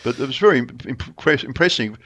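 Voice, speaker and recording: A man's voice: medium pitch, fairly quick. Rambling Australian man telling stories. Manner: rambling storyteller, many restarts, animated when quoting others. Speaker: friend sharing memories. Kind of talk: casual chat.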